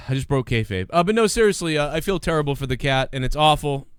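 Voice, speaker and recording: A man's voice: on the high side, animated, fast, smooth, dry recording, clean studio sound. A man hosting a casual comedy podcast, rambling and joking with lots of fillers. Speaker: podcast host.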